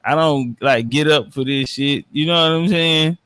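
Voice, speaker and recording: A man's voice: on the high side, normal speed, fairly bright tone, clear, resonant tone, no room sound, studio quality. A man, boasting and trash-talking in casual podcast chat. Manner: brash, trash-talking, confident. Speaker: podcast panelist.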